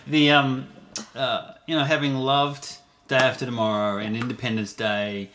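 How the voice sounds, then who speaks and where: A man co-hosting a film podcast, chatting casually, laughing often and pausing on fillers. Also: medium pitch, little pitch movement, fairly bright tone, slight background noise. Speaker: podcast co-host. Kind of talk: casual chat about movies.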